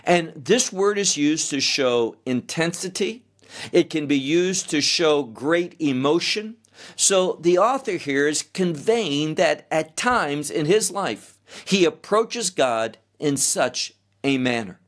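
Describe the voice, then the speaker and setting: A middle-aged male pastor teaching an expository sermon verse by verse, in a measured, deliberate way. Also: fairly high pitch, lively intonation, fairly bright tone.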